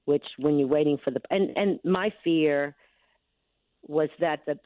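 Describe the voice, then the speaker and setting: A woman's voice: sits low, unhurried, no room sound. An older woman calling in to a radio show, telling a long story with many restarts and asides. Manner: rambling, restarts often, lots of "you know". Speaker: caller, neighborhood security district official. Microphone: telephone. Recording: tinny phone line.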